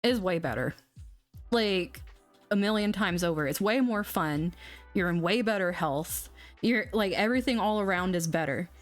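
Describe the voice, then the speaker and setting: A woman's voice: mid-range voice, lively intonation, moderate pace, faint music behind. A young woman hosting an astrology livestream, chatting bluntly and casually, swearing now and then. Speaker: astrology channel host.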